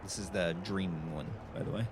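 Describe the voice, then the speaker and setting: A man playing a tabletop game, lively and playful. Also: deep voice, moderate pace, background noise. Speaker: player. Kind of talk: casual tabletop play.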